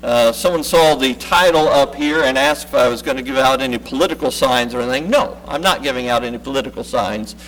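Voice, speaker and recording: A man preaching a sermon. He speaks in short rhythmic phrases, repeating words for weight, climbing high and loud to press a point and then dropping low and quiet. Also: brisk, few pauses, low-quality recording. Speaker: pastor.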